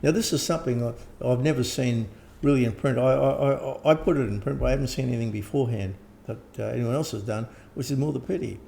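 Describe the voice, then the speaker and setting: An older man, talking casually and rambling as an interviewed teacher, often clearing his throat. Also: mid-range voice, fast talker, hardly any pauses, warm tone. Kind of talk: casual conversation.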